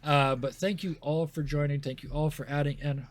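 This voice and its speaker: A man's voice: a little high, steady tone, moderate pace. A man hosting a stream as game master, narrating a scene and then thanking players and chat in a chatty, self-deprecating way.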